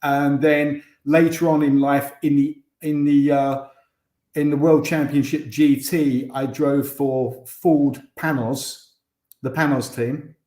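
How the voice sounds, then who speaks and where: A man's voice: fairly high pitch, little pitch movement, slow, darkish tone, echoey room. An English man, a former racing driver, chatting as a guest over a video call and often restarting his sentences. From England. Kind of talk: casual interview chat.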